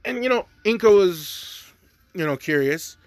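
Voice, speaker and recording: A man's voice: high voice, expressive, unhurried, dry recording. A man casually retelling a fan story, rambling with lots of fillers.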